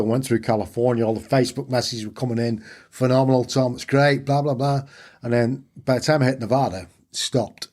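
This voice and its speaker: This Yorkshire man's voice sits at a medium pitch with a breathy edge. Appearing as a guest on a podcast, he recounts his own story in interview form, performing the conversations within it with lively energy.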